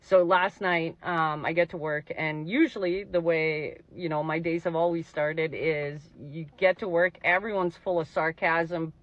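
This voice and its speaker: A man from Canada recounts a workday in a slightly raised voice, holding back tears and pausing often. The recording sounds dull and lo-fi. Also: fairly high pitch, fairly even intonation, a bit bright. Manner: tearful, pausing, casual storytelling. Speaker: oil rig worker. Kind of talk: emotional personal story.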